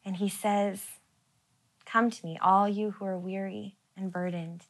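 A woman in her thirties preaching a sermon, earnest and soft-spoken, sometimes dropping to a near whisper and laughing lightly between phrases. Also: medium pitch, little pitch movement, a little slow. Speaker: pastor.

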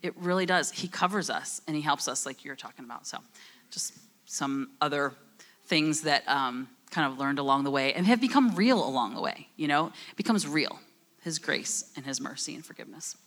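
A woman's voice: sits low, animated, normal speed, a bit bright. A middle-aged woman with a New Jersey accent, talking freely and often laughing as a guest in a church panel conversation. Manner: talkative, chatty, laughs often.

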